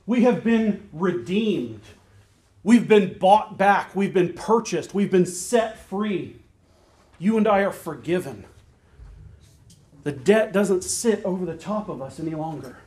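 Male pastor, higher-pitched voice, earnest preaching with slow repeated emphasis. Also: animated, a little mellow. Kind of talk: sermon.

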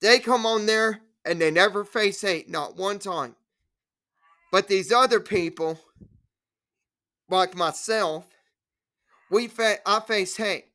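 Woman activist, slow deliberate rant, tense bright voice, repetitive and scolding. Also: medium pitch. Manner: indignant, repetitive, scolding trolls. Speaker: trans rights activist. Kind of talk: direct-to-camera rant.

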